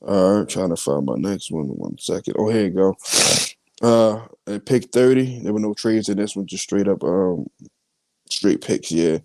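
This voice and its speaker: Low, dark-voiced man listing picks. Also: lively intonation, creaky, no echo. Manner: halting, many fillers and coughs. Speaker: podcast host. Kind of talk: casual chat reading mock draft picks.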